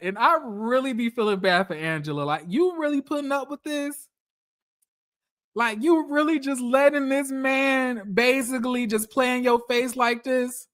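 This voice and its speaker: A man giving chatty, animated recap commentary on a reality show, talking straight to his viewers. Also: very high voice, a little slow.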